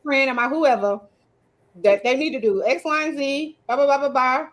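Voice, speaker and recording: A woman's voice: sits high, fairly bright tone. A woman in a casual podcast chat, chatty, acting out little snatches of voices. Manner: chatty, quick to act out voices.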